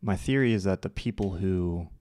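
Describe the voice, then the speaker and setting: Sitting low in pitch with a mellow tone, a man talks at a moderate pace on a casual live stream, mumbling to himself and addressing viewers while he edits. He uses lots of fillers and restarts, and the recording is dry and studio quality.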